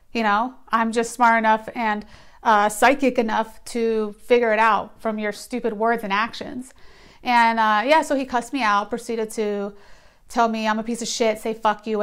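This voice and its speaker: A woman's voice: a little high, fairly bright tone, clean tone. A young woman vlogger telling a personal story in a casual, blunt, profane way with sarcastic asides.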